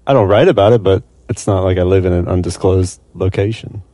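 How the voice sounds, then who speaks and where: Guest, male, low and mellow, terse and dry. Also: a little fast, no room sound. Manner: short, dry replies. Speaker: guest writer. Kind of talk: casual interview conversation.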